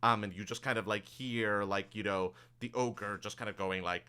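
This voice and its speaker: A man's voice: lowish voice, fairly even intonation, moderate pace, hardly any pauses, sharp tone, clean tone. A man narrating as game master of a tabletop game, improvising loosely with many fillers.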